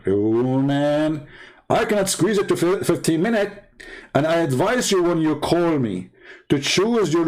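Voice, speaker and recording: A man's voice: fairly high pitch, a little mellow. Taunting man with a tinged voice. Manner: taunting, sarcastic, repeats words for emphasis. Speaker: online debate host. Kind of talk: mocking monologue.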